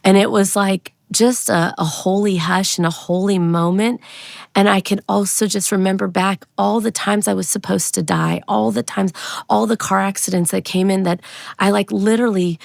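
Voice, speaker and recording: An American woman telling a personal testimony in an earnest, halting way, with many restarts. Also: medium pitch, fairly even intonation, vocal fry, no room sound, clean studio sound. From United States. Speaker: guest sharing a testimony.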